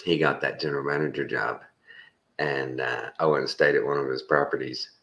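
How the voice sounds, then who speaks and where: A man's voice: rumbling low, steady tone, fairly quick, a bit bright. A Texan man in his fifties telling a rambling, folksy story with frequent chuckles. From Texas. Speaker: vlogger. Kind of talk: casual storytelling.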